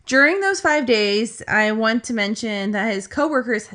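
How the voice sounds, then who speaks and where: Woman podcaster, bright voice, chatty storytelling, lots of likes and asides. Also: on the high side, expressive, normal speed. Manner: chatty, filler-heavy retelling with asides. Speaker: podcast co-host. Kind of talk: casual storytelling chat.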